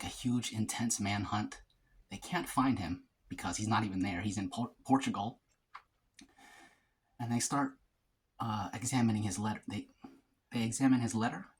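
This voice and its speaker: A man's voice: lowish voice, normal speed, long pauses, husky. A man who runs a food vlog, chatting casually and rambling through a story between bites of his meal. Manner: casual slang, frequent fillers and restarts. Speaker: mukbang vlogger. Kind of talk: casual storytelling while eating.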